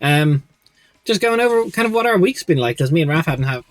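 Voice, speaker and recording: Upbeat young man with a lively voice. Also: on the high side, brisk, no echo. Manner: rambling, upbeat, many restarts and fillers. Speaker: stream host and game master. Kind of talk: casual livestream chat.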